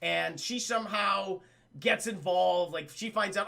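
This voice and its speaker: A young man casually recapping a film on a live stream, excitable and profane, constantly talking to his chat. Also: sits high, moderate pace, creaky.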